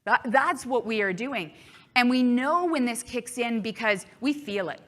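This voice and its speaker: A woman's voice: fairly high pitch, unhurried, fairly bright tone, a little hiss or hum. A woman keynote speaker giving a chatty live talk to an audience, acting out inner thoughts playfully.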